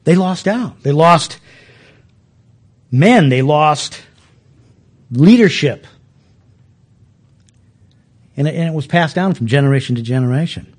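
A middle-aged man preaching a sermon as a pastor, animated and often restarting with repeated words. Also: mid-range voice.

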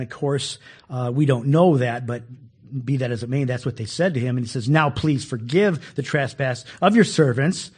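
A man teaching a Bible study in a folksy, animated way, acting out the quoted lines with extra force. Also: medium pitch.

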